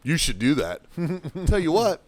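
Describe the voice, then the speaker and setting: Podcast host, male, slightly raised pitch; swearing, laughing raconteur. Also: big pitch swings, unhurried, a little mellow, no echo. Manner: swears constantly, laughs through his own story. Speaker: podcast host telling a story. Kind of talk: casual profane storytelling.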